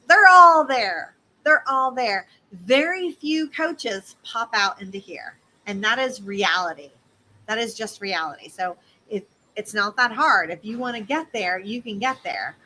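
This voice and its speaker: A woman business coach teaching in a casual, animated way, speaking straight to her listeners. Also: fairly high pitch, a little hiss or hum, poor audio.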